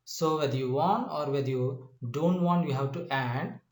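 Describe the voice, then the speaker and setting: A male English teacher giving a spoken lesson, slow and repetitive, often asking if the listener understands. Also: on the high side, darkish tone, reverberant. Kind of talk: classroom-style spoken lesson.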